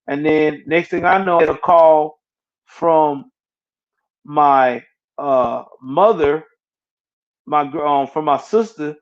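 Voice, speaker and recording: A man in his thirties telling a personal story in casual chat, halting and repeating words as he goes. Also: fairly high pitch. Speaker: interview guest. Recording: muffled lo-fi audio.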